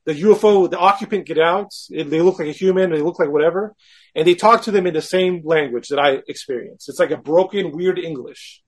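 A man with a high, husky voice tells a story as a guest. He is animated and frank, and he pokes fun at himself as he acts out what he was thinking. The delivery stays conversational and casual. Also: brisk. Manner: animated, acts out his own quoted thoughts.

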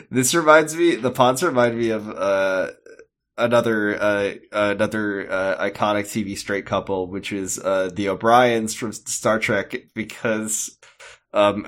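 A man's voice: on the low side, fairly bright tone. Guy cohosting a podcast, rambly and jokey, goes off on tangents. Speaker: podcast co-host. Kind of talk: casual chat recapping an episode.

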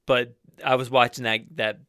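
A man's voice: mid-range voice, little pitch movement, normal speed, sharp tone, clean tone, no echo, clean studio sound. A man co-hosting a podcast in casual, joking chat, swearing freely and breaking into silly voices. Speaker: podcast co-host.

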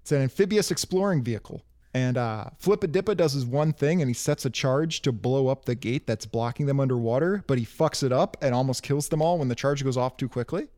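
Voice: medium pitch, brisk, mellow. A speaker in a casual chat about a comic book, blunt, joking and enthusiastic. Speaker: comic book discussion panelist.

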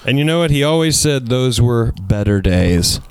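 A man's voice: mid-range voice, lively intonation, normal speed, smooth. A man, a comedian guest on a podcast, talking playfully with frequent laughter and running jokes in a casual chat. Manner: playful, laughs a lot, bits and callbacks.

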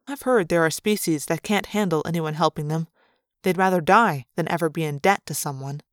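A woman reads a novel aloud in a fairly low voice, picked up close and dry with no room sound. She gives each character's lines a slightly different voice. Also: a little fast, dry recording. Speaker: audiobook reader. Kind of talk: fan read-aloud of a novel.

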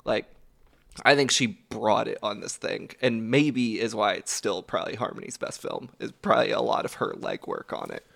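A man from the American South, co-hosting a film podcast in a loose, animated way, with lots of fillers and casual swearing. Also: on the low side, normal speed, vocal fry. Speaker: podcast co-host.

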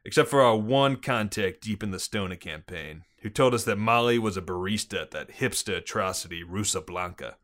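A man's voice: fairly low pitch, fairly quick, hardly any pauses, fairly bright tone, close to an everyday voice. Man putting on a Boston police chief. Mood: briefing. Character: blustering bald middle-aged male police chief. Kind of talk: tabletop role-play voice.

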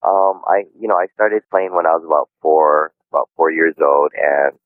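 Deep-voiced man on a tinny phone line. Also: level tone, moderate pace, no echo. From Hawaii. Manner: friendly, modest, laughs easily. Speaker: guest musician. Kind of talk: interview over the phone.

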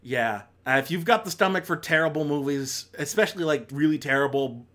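A man talking casually through a countdown of bad films, rambling and sardonic, with exasperated high-pitched outbursts. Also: a little fast, fairly bright tone. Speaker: film reviewer.

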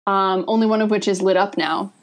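A woman's voice: medium pitch, fairly even intonation, a little fast. A woman co-hosting a casual podcast, walking through a comic in a chatty, explanatory way with frequent fillers. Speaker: podcast co-host.

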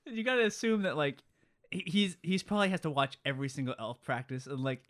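A man's voice: a little high, quick pace, a bit bright, dry recording, studio quality. A man in casual chat, rambling and leaning on "like", laughing often.

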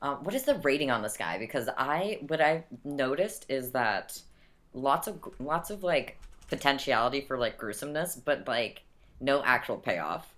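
A woman with a notably low voice co-hosting a casual movie podcast. She critiques bluntly and swears freely. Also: animated, normal speed, a bit bright. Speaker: podcast co-host. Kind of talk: casual movie review chat.

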